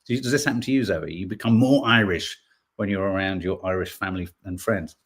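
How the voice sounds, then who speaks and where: Low, fast and with a breathy edge, this Birmingham man hosts a podcast, reading headlines and viewer comments in a relaxed way and adding playful, joking remarks.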